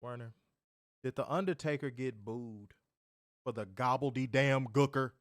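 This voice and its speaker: A man's voice: mid-range voice, a little slow, no room sound, studio quality. A man co-hosting a wrestling review podcast, ranting in an exasperated way, swearing and repeating himself for emphasis. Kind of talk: casual chat.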